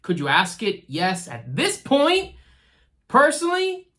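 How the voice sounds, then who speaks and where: A woman's voice: high voice, slow pace. A woman giving casual commentary on a TV series, rambling and laughing, and talking straight to the characters as if they could hear her. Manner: animated, talks straight to the characters; chatty, rambling, laughs easily. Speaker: TV show reviewer.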